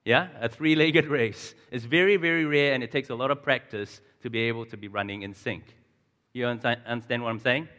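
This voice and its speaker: A man's voice: medium pitch, brisk, fairly bright tone. A man, preaching a chatty sermon, asking his audience questions and chuckling often. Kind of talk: conversational sermon. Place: large church hall. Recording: long hall reverb.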